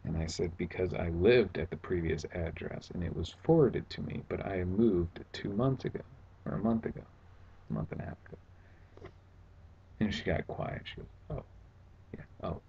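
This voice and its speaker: A man with a low, gravelly voice tells a story in a casual vlog from home, sarcastic and exasperated as he recounts the tale. The sound is dull and lo-fi, with a faint hum underneath. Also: normal speed, mellow. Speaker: vlogger. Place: at home indoors.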